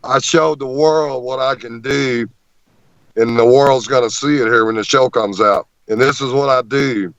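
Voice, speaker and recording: A man's voice: mid-range voice, moderate pace, fairly bright tone, no room sound. Guy telling a story on an interview show, keeps repeating words, muffled dull audio. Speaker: guest.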